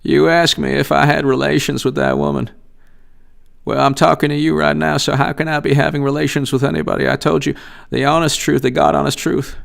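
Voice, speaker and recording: A man's voice: on the high side, flat delivery, brisk, creaky. A man putting on an impression of a folksy older politician, drawling and dodging questions with mangled grammar. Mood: evasive. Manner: drawling, evasive, ungrammatical.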